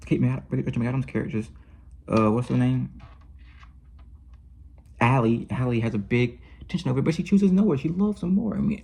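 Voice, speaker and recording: Mellow, husky man rambling about films. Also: mid-range voice. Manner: rambling and effusive, with many restarts and self-corrections. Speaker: film reviewer. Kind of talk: casual film review monologue.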